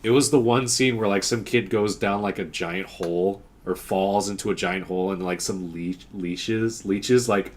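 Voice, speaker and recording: Casting: young male co-host, lowish voice, laid-back storytelling, faint hiss behind. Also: moderate pace, few pauses. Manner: relaxed, storytelling, jokey. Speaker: podcast co-host. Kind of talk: casual chat.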